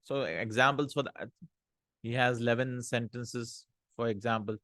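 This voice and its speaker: A man teaching an Arabic grammar lesson, reading example sentences aloud, translating them and explaining the rules in a relaxed way with fillers. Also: medium pitch, normal speed, no echo, studio quality.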